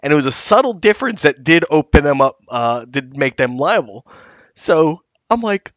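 A man's voice: on the high side, fairly quick, dry recording, lo-fi sound. A man co-hosting a podcast as a reporter, telling stories animatedly and acting out quotes. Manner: animated storyteller, acts out quotes. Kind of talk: casual podcast chat.

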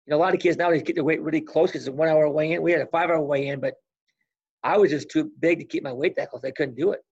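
An older man in his sixties with a deeply gravelly, husky voice recounts his wrestling days with animated energy, slipping into the voices of the people in his stories. He sits slightly high for a man, and the recording sounds dull and lo-fi. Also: very fast. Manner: animated storyteller who acts out past conversations. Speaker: guest, former college wrestler. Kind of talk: casual storytelling interview.

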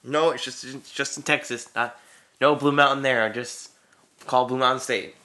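A man's voice: mid-range voice, steady tone, normal speed, bright, forceful tone. A young man in his late teens chatting casually as a co-host, teasing and sarcastic in his banter. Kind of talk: casual chat.

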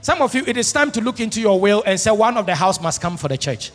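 A pastor preaching a sermon, moving from soft asides to shouted, sung-out lines. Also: male voice, sits high, sing-song, fast talker. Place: large church hall. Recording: long church hall reverb.

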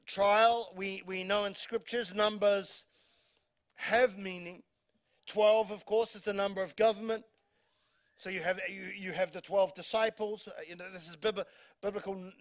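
New Zealand male pastor, higher voice, emphatic sermon delivery, repeats himself, jokes with the congregation. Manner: emphatic, repeats words, reads scripture aloud, jokes with congregation. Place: church hall.

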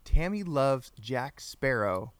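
A man's voice: mid-range voice, sing-song, slow, fairly bright tone. A man hosting a casual livestreamed podcast, chatty and playful, greeting viewers by name. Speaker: podcast host.

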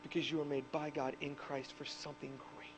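A man in his thirties preaching a sermon as pastor, telling stories animatedly and rising to shouts on key points. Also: a little high, little pitch movement, brisk, background noise. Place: church.

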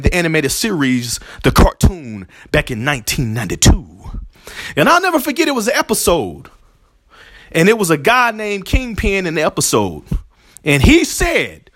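Guy hosting a faith podcast, high voice jumping all over, real emotional and preachy. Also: a bit bright, no echo, clean studio sound. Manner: emotional, preacherly, repeats himself. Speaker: podcast host. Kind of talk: heartfelt religious podcast talk.

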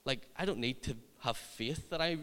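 A man's voice: mid-range voice, moderate pace, a bit bright, clear, resonant tone. Male youth preacher, chatty and funny, resonant voice with long hall echo. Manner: humorous, chatty anecdotes. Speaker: youth ministry leader. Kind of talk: sermon storytelling.

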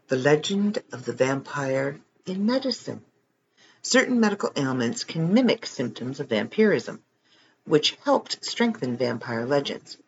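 Male reader, casual, wry asides, animated pitch, slightly muffled home recording. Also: a little slow, a little hiss or hum. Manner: joking, reads text then adds wry comments. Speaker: reader of online articles. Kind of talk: casual reading aloud with asides.

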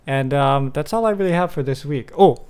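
Guy with kinda high voice hosting a chill talk show, rambly, lots of uhs. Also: brisk, clear, resonant tone. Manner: relaxed, rambling with fillers. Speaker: podcast host. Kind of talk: casual chat.

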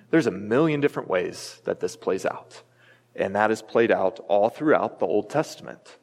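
A pastor delivering a sermon in a church, earnest and emphatic, with the odd light aside to the congregation. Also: male voice, mid-range voice. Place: church sanctuary. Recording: long reverb from a large hall.

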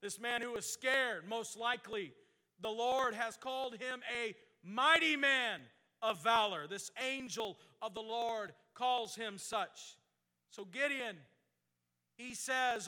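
Man, preacher, sermon, sharp tense tone, scripture read slowly, fervent exhortation. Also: extremely high pitch, long reverb tail. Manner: reads scripture in slow King James cadence, then builds to fervent exhortation.

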